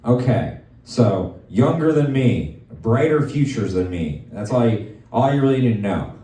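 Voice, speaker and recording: A man hosting a live comedy show, rambling and joking through quick asides with his guests. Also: mid-range voice, lively intonation, dark tone, roomy sound, far from the mic. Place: comedy venue with live audience.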